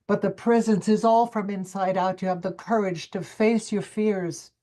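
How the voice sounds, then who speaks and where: An older woman, a coach and former stage performer, telling her life story in an interview with emphatic, expressive delivery and quoted self-talk. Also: medium pitch, normal speed. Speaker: summit guest speaker, coach.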